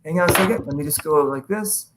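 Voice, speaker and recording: A man with a fairly high voice hosts a loose video-call chat. He fumbles and repeats himself, stalling as he hunts for something online. It is relaxed, chatty talk. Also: quick pace, noisy background.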